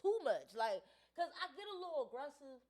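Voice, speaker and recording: A woman's voice: high-pitched, big pitch swings, fairly quick, a little mellow. A woman host in a casual chat, telling stories playfully in laid-back slang. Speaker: podcast host.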